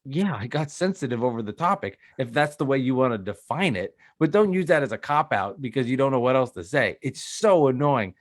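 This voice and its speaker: A man's voice: medium pitch, a little fast, few pauses, no room sound, clean studio sound. A male podcast co-host in casual chat. He tells stories with energy and slips into other people's voices for their lines. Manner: animated storytelling, acts out dialogue.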